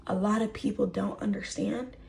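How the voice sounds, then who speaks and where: A woman's voice: mid-range voice, steady tone, moderate pace, vocal fry, a little mellow. A woman telling a personal story to the camera, stressing points by repeating words. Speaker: storyteller in a shared clip.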